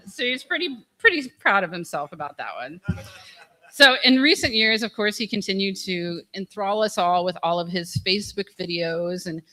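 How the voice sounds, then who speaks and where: A woman's voice: medium pitch, lively intonation, moderate pace, pushed and bright. A woman giving a memorial speech, telling funny stories, laughing often and swearing candidly. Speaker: eulogy speaker. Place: memorial gathering.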